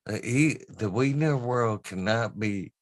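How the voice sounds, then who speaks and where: A man voicing an insistent Southern woman who stammers and pushes her point in a high voice. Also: slow pace, natural voice. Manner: pushy, stammering and high-pitched.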